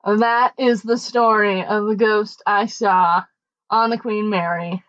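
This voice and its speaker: A young woman co-hosting a podcast, telling a story casually and acting out the quoted voices with big jumps in pitch. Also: steady tone, slow pace, fairly bright tone, no room sound. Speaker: podcast co-host. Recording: dull, dry lo-fi mic.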